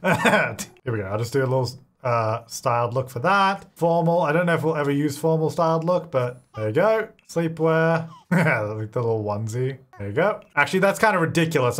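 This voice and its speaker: A young man giving casual, chatty commentary while playing a life-simulation game, laughing often and talking to the characters on screen. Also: medium pitch. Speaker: gaming video creator. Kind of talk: casual let's-play commentary.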